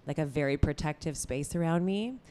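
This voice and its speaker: A woman's voice: deep voice, brisk, mellow. A woman from Canada, a guest on a podcast, talking in a confident, laid-back way. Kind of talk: podcast interview.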